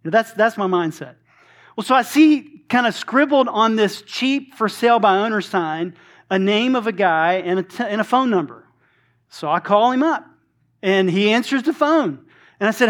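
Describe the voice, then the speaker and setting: A man's voice: high-pitched, a little fast. A man in his late forties, a pastor telling a personal story in a sermon, acting out dialogue with frequent restarts. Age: 40s.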